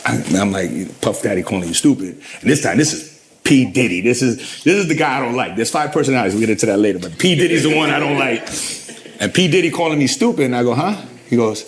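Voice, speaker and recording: A man's voice: on the low side, quick pace, slight background noise. A middle-aged man in an interview, telling long stories about his career and acting out what others said to him. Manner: animated storyteller, acts out quotes. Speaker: interview guest. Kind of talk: storytelling interview.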